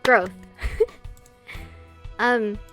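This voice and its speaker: A young woman streamer reading a visual novel aloud, with giggly, excitable reactions. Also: mid-range voice, very slow. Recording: faint game music behind.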